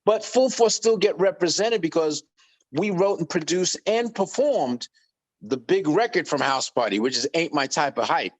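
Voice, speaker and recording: A middle-aged man, a guest on an interview podcast telling animated stories and acting out quoted voices. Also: fairly high pitch, normal speed. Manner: lively anecdotes, acts out quoted voices. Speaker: guest musician.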